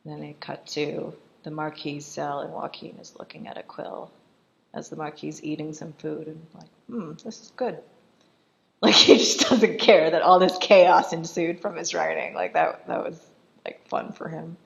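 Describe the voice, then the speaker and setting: A woman's voice: sits low, level tone, vocal fry, muffled recording. A woman giving casual, chatty film commentary, often laughing and briefly acting out the characters' lines. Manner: chatty, giggly, acts out quotes in quick voices.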